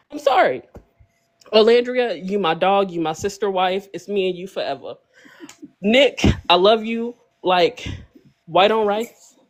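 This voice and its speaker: A woman speaking at a medium pitch on a live podcast panel. She is blunt and teasing, ranting playfully and breaking into laughs as she goes.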